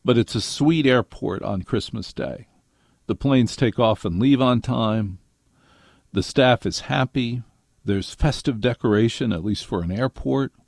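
A man's voice: mid-range voice, a little slow, vocal fry, a little mellow, no room sound, studio quality. An older man hosting a radio show, telling wry stories to his listeners and acting out quotes along the way. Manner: wry storytelling with acted quotes. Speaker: radio host. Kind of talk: monologue to listeners.

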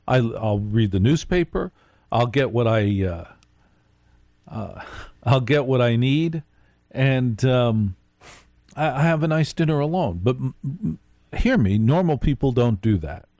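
A man's voice: mid-range voice, warm tone, dry recording. A man hosting a live late-night radio show, telling a rambling story and speaking straight to his listeners.

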